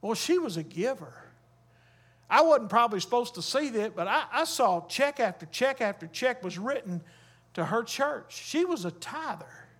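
High-voiced preacher. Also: male voice, very animated, moderate pace, fairly bright tone, slightly rough. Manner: emphatic preaching with call-and-response. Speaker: Baptist pastor. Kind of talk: sermon.

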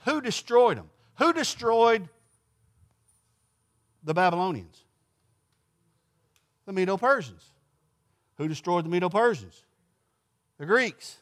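A man's voice: high voice, sing-song, slow pace, pauses often, a bit bright. A man leading an informal Bible study class in a folksy way, putting questions to the group and answering them himself.

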